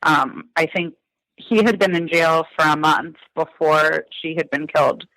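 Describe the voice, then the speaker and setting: A man's voice: on the high side, measured pace, bright, forceful tone, no echo, rough recording. A man in his thirties from Massachusetts, talking reflectively in a podcast interview with many ums and likes. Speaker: guest, son of a crime victim.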